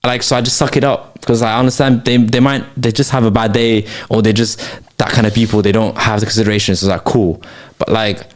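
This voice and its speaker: A man's voice: lowish voice, steady tone, fast talker, hardly any pauses. A young man, hosting a casual late-night chat podcast, ranting with plenty of slang and swearing. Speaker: podcast host.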